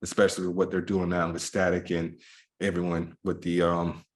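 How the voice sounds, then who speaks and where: A man's voice: low voice, completely flat delivery, moderate pace. A man co-hosting a podcast, chatting casually with fillers and restarts, speaking straight to his listeners. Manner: rambling, full of fillers, trails off softly; talks to listeners directly. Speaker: podcast co-host. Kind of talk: casual chat.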